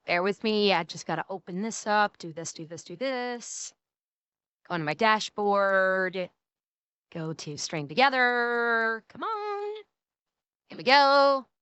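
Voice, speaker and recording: A woman with a Midwestern American accent chats casually as a streamer, laughing often. Her voice is bright and crisp, slightly high, and recorded dry and close. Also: lively intonation, slow, dry recording, lo-fi sound.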